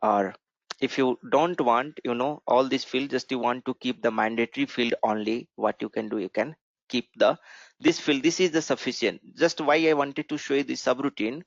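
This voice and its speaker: Guy explaining code step by step, keeps saying right?, kinda gravelly, dull dry mic. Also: medium pitch, dry recording. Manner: explanatory, asks "right?" often. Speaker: programming instructor. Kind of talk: screen-share coding tutorial.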